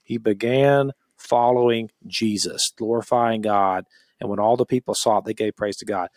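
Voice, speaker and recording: A man's voice: lowish voice, steady tone, normal speed, a little mellow, dry recording, clean studio sound. A man co-hosting a podcast, leading a Bible discussion and reading scripture aloud in an earnest, emphatic way with frequent restarts. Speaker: podcast co-host.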